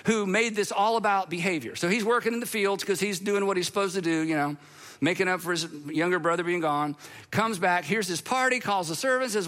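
Bright-voiced, playful male preacher. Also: sits high, fairly quick. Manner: conversational and playful, with asides to the congregation. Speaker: pastor. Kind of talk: sermon.

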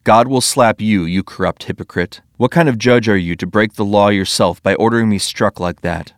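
A man's voice: fairly low pitch, moderate pace, no echo, studio quality, close to an everyday voice. A man voicing the apostle Paul, a bold and earnest grown man defending himself, in a plain read-aloud scripture story. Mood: rebuking.

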